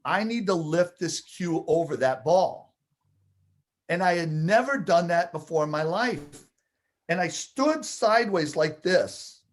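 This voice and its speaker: A man telling a personal anecdote with animated, building excitement, acting out the scenes as he goes. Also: sits high. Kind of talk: storytelling anecdote.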